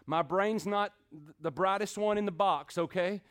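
A middle-aged man preaching a sermon, with dramatic pauses and sudden swings from hushed to loud. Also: high voice. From Texas. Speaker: pastor.

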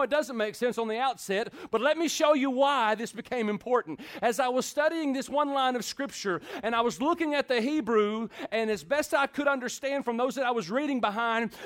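Pastor, high voice, middle-aged, preaches with dramatic pauses and hushed-to-loud swings. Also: male voice. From Texas. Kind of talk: sermon.

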